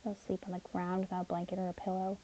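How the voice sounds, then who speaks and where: A woman narrating a first-person audio story as a caring, protective young man named Caleb, in an earnest, steady manner. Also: on the low side, very fast, muffled recording. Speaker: narrator and voice actor.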